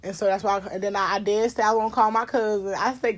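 A young woman telling a personal story in a candid, profane, laughing way, getting loud when she acts out scenes. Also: mid-range voice, steady tone, quick pace. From Cincinnati, USA. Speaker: podcast host. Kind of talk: casual storytelling monologue.

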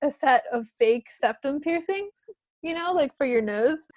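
A woman's voice: high-pitched, lively intonation, a little slow, a little mellow, no room sound. A young woman chatting casually, telling stories full of "like" and laughing often. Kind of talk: casual chat.

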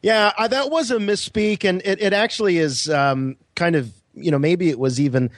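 A man's voice: high voice, normal speed, dry recording. A man co-hosting a podcast in casual chat, musing thoughtfully and rambling with many fillers. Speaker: podcast co-host.

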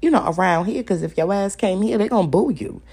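A woman's voice: mid-range voice, animated, a little fast, a little mellow, breathy edge. A young adult woman hosting a solo podcast, ranting in a profane, confrontational way and repeating lines for emphasis. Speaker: podcast host.

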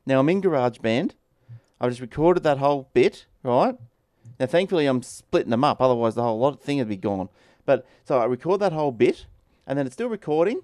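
A man's voice: mid-range voice, expressive, brisk, darkish tone, no room sound, clean studio sound. A man, hosting a podcast, chatting casually and venting in a rambling, exasperated way. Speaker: podcast host. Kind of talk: casual chat.

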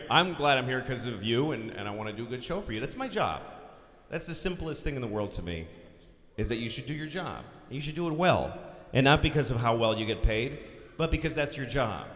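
Forties male comic from Boston, profane rant with deadpan turns, live in a big reverberant hall. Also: mid-range voice. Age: 40s. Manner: ranting, profane, deadpan asides. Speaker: stand-up comedian. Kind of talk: live stand-up comedy. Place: large concert hall stage. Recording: live hall recording with long reverb and faint ambience.

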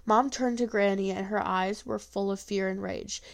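A woman reading a first-person folk tale aloud, expressive, with small slips and restarts. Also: mid-range voice, normal speed, vocal fry, few pauses.

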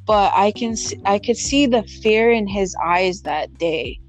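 A young woman telling an emotional personal story in conversation, halting and full of fillers and restarts, with faint music behind. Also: mid-range voice.

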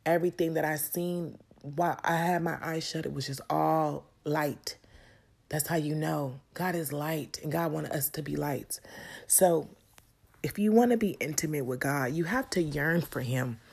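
A woman with a low, gravelly, somewhat dark voice gives a personal testimony of her faith on her vlog. She speaks unhurriedly, earnestly and emotionally, addressing viewers directly and becoming tearful at times.

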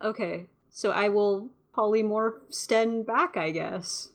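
A woman's voice: mid-range voice, takes it slowly. A woman playing a tabletop game, thinking aloud in casual chat. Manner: chatty, musing. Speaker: player.

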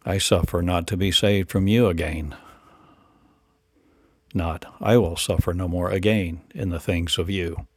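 A man's voice: low-pitched, fairly even intonation, measured pace, breathy edge, no room sound, clean studio sound. A man delivering a rambling spiritual monologue in incantatory, repetitive declarations and rhetorical questions.

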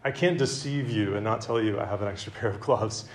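A man giving a conversational sermon to a campus group, with self-deprecating humor and a relaxed, chatty delivery. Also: fairly low pitch, a little fast. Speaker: campus ministry speaker. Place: meeting room with an audience.

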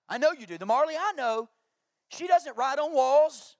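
A man's voice: extremely high pitch, lively intonation, normal speed, dry recording, studio quality. A man, preaching a sermon through jokey family stories and acted-out quotes. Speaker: pastor.

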